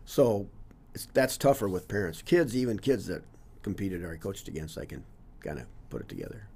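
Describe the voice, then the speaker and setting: With a deep, sing-song voice and a slightly fast delivery, this longtime teacher and coach in his sixties gives earnest, reflective answers in a casual interview. Loose fillers like "you know, whatever" end many of his thoughts.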